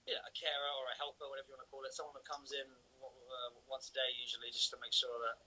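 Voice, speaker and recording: A man's voice: mid-range voice, level tone, rapid-fire, bright, forceful tone, a little hiss or hum, low-quality recording. A man hosting a casual live video chat, self-deprecating and chatty, trailing off into fillers. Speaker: livestream host. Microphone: phone.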